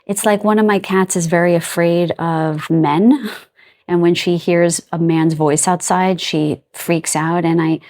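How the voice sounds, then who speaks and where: A woman giving a casual card reading to her viewers, gentle and affectionate, laughing softly as she rambles and restarts her sentences. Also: fairly low pitch, a little slow. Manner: loose and rambling, trailing off and restarting. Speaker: tarot and oracle card reader.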